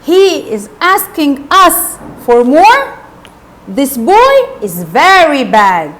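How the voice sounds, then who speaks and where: A woman voicing a big, fat, bad-tempered beadle who scolds angrily and slowly. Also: sits high, big pitch swings. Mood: angry. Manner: angry, scolding.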